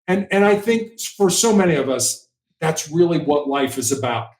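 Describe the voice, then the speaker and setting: Male guest, former negotiator, high-pitched, earnest and animated, roomy echo. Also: normal speed. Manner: earnest, animated, repeats words when emphatic. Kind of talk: conversational interview.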